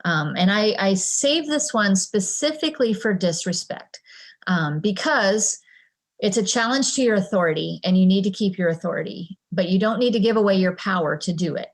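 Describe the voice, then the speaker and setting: A woman's voice: medium pitch, lively intonation, normal speed. A woman presenting a parenting talk in a conversational way, acting out exchanges between parent and child.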